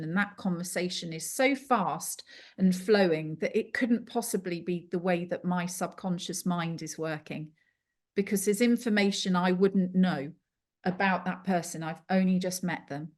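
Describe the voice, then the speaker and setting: A woman being interviewed as a clairvoyant guest over a video call, talking in a chatty, animated storytelling way. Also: lowish voice. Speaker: clairvoyant and angel card reader guest.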